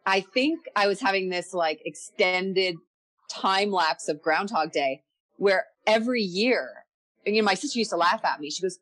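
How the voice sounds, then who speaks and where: A woman's voice: mid-range voice, moderate pace, a bit bright. A woman as a podcast guest, telling her own story candidly and reflectively, often repeating words as she gathers her thoughts.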